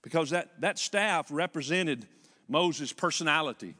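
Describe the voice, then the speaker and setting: An older man preaching a sermon as pastor, retelling a story with lively repetition. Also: mid-range voice, normal speed, in a large hall. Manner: animated storytelling with repeated phrases. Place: church.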